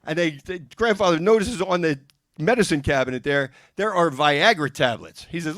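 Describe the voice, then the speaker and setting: A man doing stand-up comedy, rattling off one joke after another and dipping into quick character voices. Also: fairly high pitch, a bit bright, no room sound, clean studio sound. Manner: rapid-fire joke delivery with character voices. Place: music and arts center stage.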